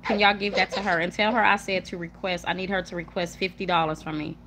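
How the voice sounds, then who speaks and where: A young woman chatting casually and emphatically to viewers on a livestream, repeating herself and hushing her children now and then. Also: fairly low pitch, steady tone, quick pace, a little hiss or hum. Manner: chatty, emphatic, repetitive, warm toward viewers; hushes children mid-talk. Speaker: livestream host. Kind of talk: casual live chat to viewers. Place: home room with kids nearby.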